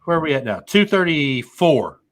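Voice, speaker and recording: Man, podcast co-host, casual chat, bright voice, stammering restarts. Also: fairly high pitch, very animated, normal speed. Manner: jokey, stammering restarts, sings silly bits.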